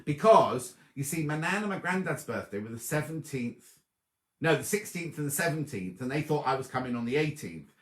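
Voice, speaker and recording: A man's voice: a little high, sing-song, brisk, echoey room. A man, hosting a sewing livestream and chatting casually as he reads out viewers' comments and thanks them by name. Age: 50s. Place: home room before a dark wall.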